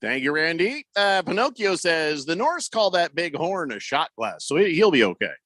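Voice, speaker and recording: A man's voice: fairly high pitch, sing-song, normal speed, a bit bright, no room sound. A man hosting casual sports radio banter, joking and reading out listener messages on a studio microphone. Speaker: radio host.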